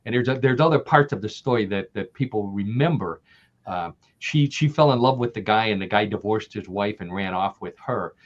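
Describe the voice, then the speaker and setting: A man's voice: lowish voice, normal speed. Joking male podcast guest, dull lo-fi. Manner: jokey, chuckles while telling the story. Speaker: podcast guest, paranormal news writer. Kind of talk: casual interview storytelling. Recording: dull lo-fi sound.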